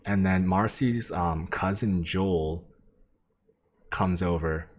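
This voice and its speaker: Male streamer with a very low voice, casual and sweary, rambling through a story to chat. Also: takes it slowly, a little hiss or hum. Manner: rambling, profane, lots of "like" and "um"; sketches while he talks, addressing chat. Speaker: game streamer.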